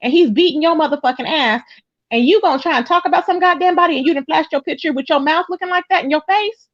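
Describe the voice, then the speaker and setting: A woman hosting a livestream in brash, profane gossip chat, her voice jumping up high when outraged. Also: quick pace, muffled recording. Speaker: livestream host.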